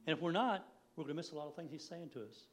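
A man's voice: fairly high pitch, racing. A man in his sixties giving a folksy, rambling church sermon, laughing now and then. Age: 60s. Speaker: lay preacher.

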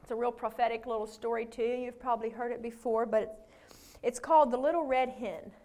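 Woman pastor, high voice, folksy and lively delivery, preaching with amens. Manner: folksy and animated, with frequent amens. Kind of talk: sermon.

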